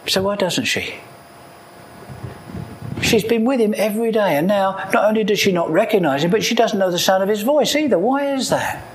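Man preaching, kinda high voice, swings up and down a lot, keeps asking the room questions, bit of low noise behind. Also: normal speed, low-quality recording. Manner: animated, rhetorical questions to the congregation. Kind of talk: sermon.

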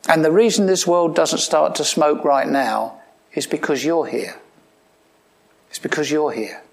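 A pastor delivers a sermon in a conversational way, putting questions to his listeners and mixing in dry humor with sudden emphatic lines. He swings between rising, forceful statements and low, quiet asides.

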